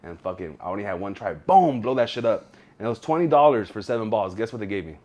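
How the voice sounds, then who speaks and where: A man in his thirties, co-host of a podcast, telling a story in casual, animated, profane chat. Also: fairly low pitch, quick pace. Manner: animated, profane, acts out quoted voices.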